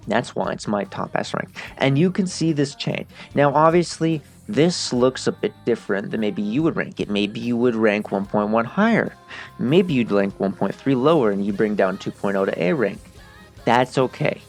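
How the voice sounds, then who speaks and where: A man in the middle of his range gives a casual game-review commentary for his own video, animated and emotional, swearing freely as he talks it through. Faint music plays quietly behind him. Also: medium pitch. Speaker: gaming video creator.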